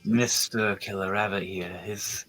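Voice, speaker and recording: A man voicing a coy young female tiefling in a tabletop game, speaking softly. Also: on the low side, fairly even intonation, unhurried, soft background music, pitched below the performer's own voice, poor audio.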